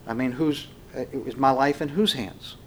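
A man preaching a sermon slowly and emphatically, swinging between loud passages and hushed ones. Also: medium pitch.

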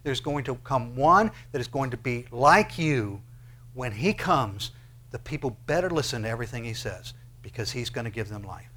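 Delivering a sermon in an animated, mid-range voice, a pastor poses one question after another to his congregation. His delivery alternates between quiet, slow stretches and loud, building ones.

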